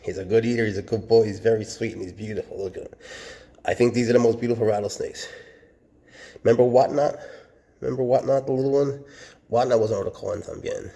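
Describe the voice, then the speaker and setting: A man's voice: mid-range voice, fast, creaky, pauses often, mellow. A man who keeps snakes, talking casually in a chatty, joking way and speaking tenderly to the animals he handles. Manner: chatty, jokey, talks tenderly to his snakes. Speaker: snake keeper. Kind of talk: casual show-and-tell vlog.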